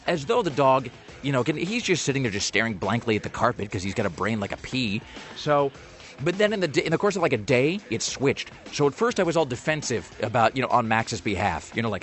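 A man's voice: medium pitch, sing-song, fast. A man hosting a radio show, chatting casually in a rambling, jokey and self-mocking way.

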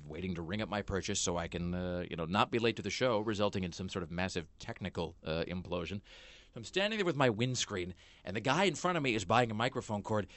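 Guy rambling through a story on his podcast, talks fast, dry close sound. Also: fairly low pitch, fairly bright tone, no echo. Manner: rambling storyteller, many fillers and restarts. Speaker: podcast host. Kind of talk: casual chat. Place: small studio.

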